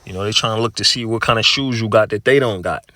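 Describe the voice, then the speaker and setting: Guy with a lowish voice preaching casual, cussing, lotta "you know man okay", dry close sound. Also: fast talker, bright, forceful tone, no echo. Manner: profane, repeats words and fills with 'you know', 'man', 'okay'. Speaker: religious speaker. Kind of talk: casual spoken testimony.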